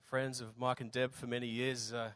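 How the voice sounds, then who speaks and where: A man with an Australian accent and a slightly raspy voice, preaching a sermon in a relaxed, jokey way with lots of fillers. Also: mid-range voice, moderate pace, no echo. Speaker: visiting preacher.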